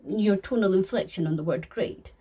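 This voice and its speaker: A woman's voice: medium pitch, mellow, husky, close to an everyday voice. A woman voicing a sly, polished male deceiver who talks formally with dry sarcasm in a fan audio sketch. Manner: formal, measured, dryly sarcastic.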